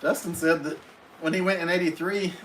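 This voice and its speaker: A man's voice: on the high side, steady tone, a little fast, slight background noise, low-quality recording. A man hosting a casual live stream from home, reading viewers' comments aloud and answering each one in a friendly, chatty way.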